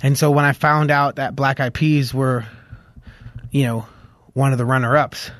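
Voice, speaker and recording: A man from Los Angeles talks as a guest in an interview at a mid-range pitch. He tells stories in an animated, loose way, full of "like"s. His voice sits close and dry on a studio mic. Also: moderate pace, no room sound. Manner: animated storyteller, heavy on "like", hums tunes aloud. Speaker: guest musician. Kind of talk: casual interview chat.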